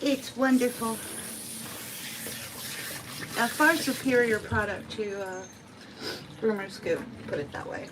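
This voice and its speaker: A woman's voice: a little high, normal speed, background noise. A woman cat groomer chatting and cooing to a cat she is bathing in a grooming salon. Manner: chatty, sing-song, talks to the cat. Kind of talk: casual talk while bathing a cat. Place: grooming salon bath area, indoors.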